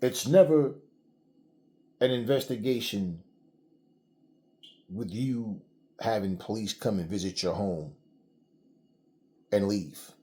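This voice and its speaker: A man's voice: fairly low pitch, slow, long pauses, mellow. A middle-aged man giving heated solo commentary, blunt and swearing freely as he vents. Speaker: channel host.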